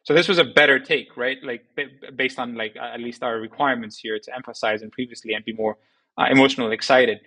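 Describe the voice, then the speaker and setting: A man presenting a software tutorial in a loose, conversational way, with many fillers and tag questions. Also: medium pitch, steady tone, quick pace, breathy edge, low-quality recording. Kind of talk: casual screen-recorded tutorial.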